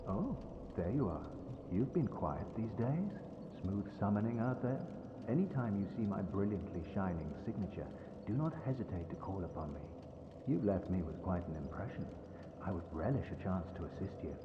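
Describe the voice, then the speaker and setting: An actor playing a cheerful, courteous male knight in a video game, earnest and gently teasing. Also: low-pitched, very animated, normal speed. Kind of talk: video game character dialogue. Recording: roomy, dull game audio with noise.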